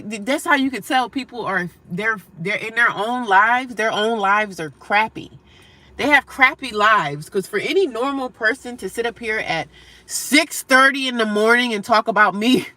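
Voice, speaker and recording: A woman chatting on a phone live stream from her car, reading comments out loud. She answers trolls bluntly and sarcastically in a bright, forward voice. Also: mid-range voice. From United States. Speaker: livestreamer reading viewer comments. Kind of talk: casual live-stream chat.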